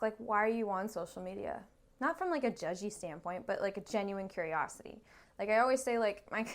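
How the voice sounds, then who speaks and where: A woman therapist talking in a relaxed podcast chat, with a voice that sits a little high. She talks in an animated way and acts out what clients and children say. She swears casually as she goes. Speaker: therapist guest.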